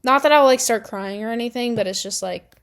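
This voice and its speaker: A young adult woman telling high school stories in a casual vlog, chatty with lots of filler words and exasperated outbursts. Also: brisk. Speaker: vlogger.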